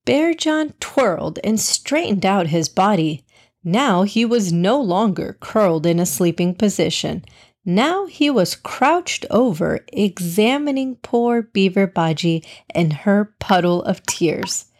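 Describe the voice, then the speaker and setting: A woman narrating a children's storybook in a calm, measured way. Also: medium pitch.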